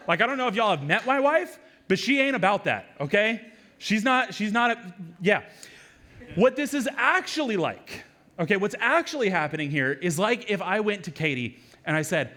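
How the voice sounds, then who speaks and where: A man, a lead pastor, preaching a sermon in a conversational, animated way with quick asides and repeated words. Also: high-pitched.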